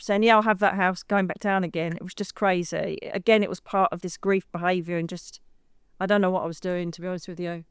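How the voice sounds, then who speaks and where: A middle-aged English woman, a psychic medium guest, telling a personal story in a lively way and acting out the voices she quotes. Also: medium pitch, clean tone, no echo, clean studio sound. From United Kingdom. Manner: lively, acts out quoted voices, says "darling".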